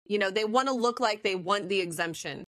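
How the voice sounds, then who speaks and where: A woman's voice: mid-range voice, fairly quick, sharp tone, no room sound. A young woman, a co-host, going through her notes in a casual, methodical chat. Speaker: co-host, former contestant.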